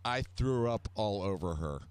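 A man's voice: fairly low pitch, lively intonation, moderate pace, darkish tone, clear, resonant tone, no echo. Rambling, self-mocking man telling stories. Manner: rambling, self-mocking anecdotes with quoted voices. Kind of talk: casual storytelling chat.

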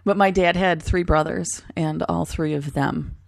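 Slow, gravelly woman with dry quips. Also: on the low side, fairly even intonation, no echo. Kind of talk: casual chat.

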